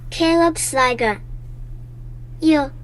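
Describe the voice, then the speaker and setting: A text-to-speech woman's voice slowly reading out viewer names and chat messages in a flat way. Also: high-pitched. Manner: flat, unhurried synthetic reading.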